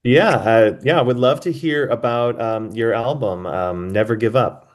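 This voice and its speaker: A man's voice: medium pitch, a little slow. A man moderating a video call panel, polite and stumbling a little over guests' names.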